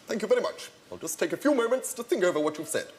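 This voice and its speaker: A man's voice: high voice, lively intonation, racing, a little mellow, slight background noise. A man playing a posh whimsical art critic. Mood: deadpan whimsical. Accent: posh southern English. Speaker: comedy sketch actor.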